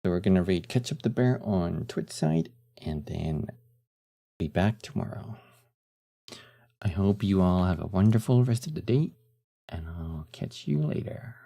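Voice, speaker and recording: A man streaming casually, relaxed and chatty, who laughs often, trails off into fillers and answers his chat. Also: deep voice, measured pace, vocal fry. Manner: reads chat messages aloud and answers them.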